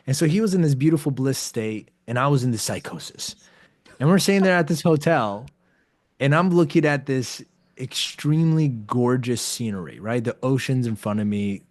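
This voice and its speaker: A man talking as a podcast guest in a casual storytelling style, animated, acting out the dialogue he quotes and often saying "like". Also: medium pitch, moderate pace, dry recording. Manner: animated storyteller who acts out quoted dialogue, frequent "like" fillers.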